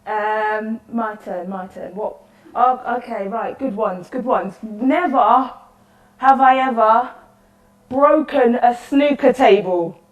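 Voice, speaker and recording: A woman's voice: on the high side, takes it slowly. A woman playing a lonely, rambling woman. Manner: rambling, apologetic, nervously cheerful. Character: lonely chatty woman at world's end. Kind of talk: solo interactive theatre monologue. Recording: echoey room, voice from far off.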